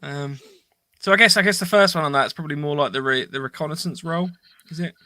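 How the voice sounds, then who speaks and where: A man's voice: fairly high pitch, quick pace, sharp tone, no echo. A man co-hosting a podcast, chatting casually and reading listener comments aloud, laughing easily. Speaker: podcast co-host.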